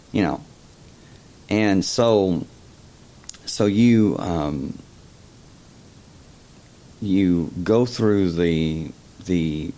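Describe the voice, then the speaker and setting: A man hosting a casual explanatory monologue, talking slowly and haltingly, often repeating words. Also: low voice, warm tone. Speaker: host.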